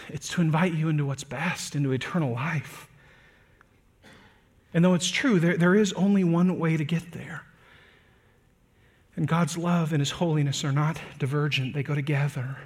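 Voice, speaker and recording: A male pastor preaching a sermon in a slightly high voice. He speaks earnestly, stretching out words and raising his voice to stress key points. He also sinks into a hushed, gentle tone for tender moments. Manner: earnest preaching, slows and lifts voice for emphasis; drops to soft, quiet delivery on tender points.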